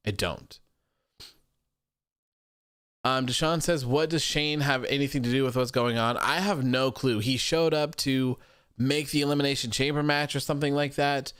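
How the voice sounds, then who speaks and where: A man's voice: mid-range voice, a bit bright, clean tone, no echo. A man hosting a live stream, talking bluntly and opinionatedly into a studio microphone and reading viewer comments aloud. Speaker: host of a wrestling show. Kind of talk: live-stream casual chat.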